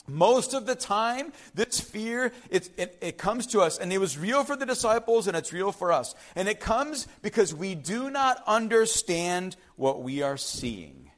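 A man preaching a sermon, swinging between loud urgent passages and soft hushed ones. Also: high-pitched, animated, moderate pace. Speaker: pastor.

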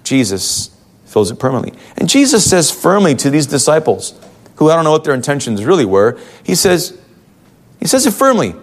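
A man's voice: a little high, huge pitch swings, moderate pace. A male pastor giving a conversational sermon in a church, full of rhetorical questions.

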